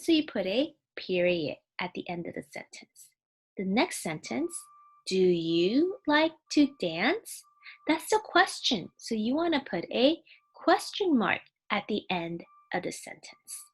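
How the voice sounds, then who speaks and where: Kindergarten teacher, woman, slightly high husky voice, patient and clear with little kids. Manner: slow, clear, patient explaining, sounding words out. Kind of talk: recorded online lesson for young children.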